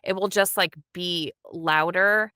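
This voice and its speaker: Woman, dub director, animated interview chat, low voice, bright tone, dry close sound. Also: clear, resonant tone, no echo. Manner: animated and enthusiastic, quick asides and laughs.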